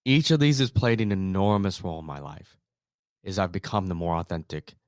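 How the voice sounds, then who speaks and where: A man in his thirties with a very low, deep voice gives an earnest motivational talk. He drops to a near hush at times, then rises into emphatic bursts. The recording is close and dry. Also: a little fast, clear, resonant tone, dry recording. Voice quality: soft calming voice in quoted comfort. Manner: earnest, swings from hushed to emphatic. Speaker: podcast host.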